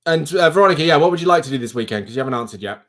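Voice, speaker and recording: A young man hosting a livestream, chatting casually with viewers in an animated, rambling way. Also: fairly high pitch, racing. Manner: chatty, animated, self-interrupting. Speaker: livestream host. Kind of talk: casual live chat with viewers.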